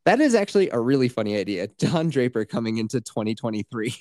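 A man's voice: mid-range voice, big pitch swings, quick pace, mellow, dry recording. A man co-hosting a casual podcast, cursing freely, talking sarcastically and acting out mocking voices. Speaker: podcast co-host.

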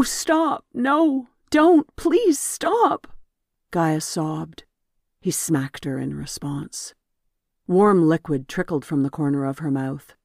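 Brief: audiobook narrator, mid-pitch, very dry close sound, even storytelling. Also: gravelly, no room sound. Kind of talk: scripted narration.

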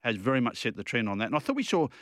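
An Australian radio co-host talks football in casual chat, his mid-pitched, slightly bright voice racing along with big pitch swings. He rambles and restarts sentences while arguing his point, recorded dry and close with no room sound.

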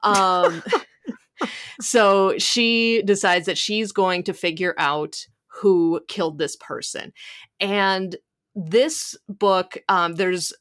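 A woman's voice: medium pitch, fairly even intonation, drawn-out words, a bit bright. A woman with a Midwestern accent, co-hosting a book podcast and chatting casually with lots of ums and restarts. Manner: chatty, many fillers and restarts. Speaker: podcast co-host.

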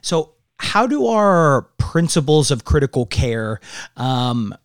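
A man's voice: medium pitch, very animated, takes it slowly, clean tone, dry recording. A man in a mid-range voice hosts an interview, encouraging his guest and framing reflective questions. His voice is close and dry, with no room sound around it. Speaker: podcast host. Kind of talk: interview conversation.

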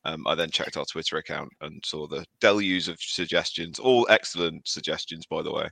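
A man's voice: a bass voice, a little fast, creaky, pushed and bright, no room sound. A man from England co-hosting a football podcast, wry and sweary in casual talk. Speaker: podcast co-host.

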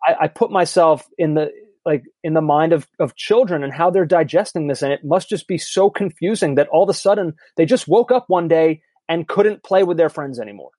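In a dry recording, a man in his thirties co-hosts a podcast, chatting candidly in a slightly high, slightly mellow voice. He talks a little fast with lively intonation, rambling a bit and poking fun at himself.

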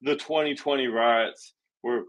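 A young adult man hosting a podcast, telling stories in an animated, indignant way. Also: mid-range voice, a little slow, poor audio. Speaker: podcast host. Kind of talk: casual political chat.

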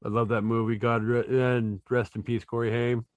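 A man's voice: medium pitch, flat delivery, normal speed. A man co-hosting a podcast in casual chat, tossing in wry heckling quips. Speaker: podcast co-host.

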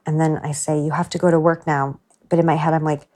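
A woman earnestly retelling a personal story, dropping to a hush for her inner thoughts. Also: low voice, fairly even intonation, moderate pace. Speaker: story contributor.

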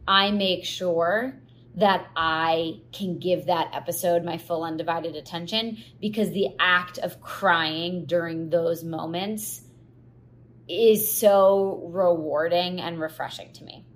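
A woman's voice: on the low side, fairly even intonation, takes it slowly. A woman hosting her own podcast in a casual, chatty solo talk, full of "like" and restarts, getting teary as she tells it. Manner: chatty, filler-heavy, gets teary and laughs at herself. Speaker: podcast host.

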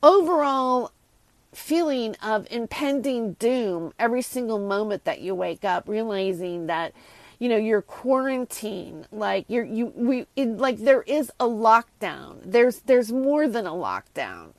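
A woman's voice: fairly high pitch, expressive, a little slow, dry recording. Exasperated woman ranting solo. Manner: exasperated, sarcastic, rambling with many restarts. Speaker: host. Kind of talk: casual solo rant.

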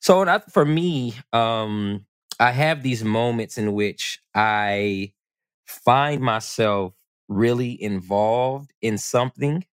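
A man in relaxed podcast chat, easygoing and a bit teasing, stretching out his thoughts. His voice sits slightly low, recorded dry and close. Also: clear, resonant tone, dry recording. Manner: easygoing, teasing, drawn-out reflective phrasing. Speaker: podcast co-host. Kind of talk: relaxed casual conversation.

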